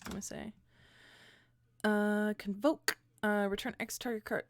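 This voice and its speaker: A woman's voice: mid-range voice, moderate pace, a little hiss or hum. A woman co-hosting a livestream, chatting in a playful, teasing way and laughing often. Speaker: streamer and deck-building co-host. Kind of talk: casual chat.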